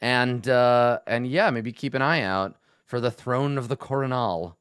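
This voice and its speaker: A man's voice: mid-range voice, a little slow, a bit bright, smooth, no echo, studio quality, close to an everyday voice. A man voicing a chatty male adventurer who passes on rumors in an offhand, conversational way. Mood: casual.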